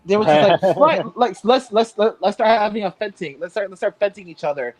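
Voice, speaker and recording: A man's voice: sits high, animated, brisk, darkish tone, dry recording. A man co-hosting a podcast, enthusiastic and rambling, swearing casually as he agrees. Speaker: podcast co-host.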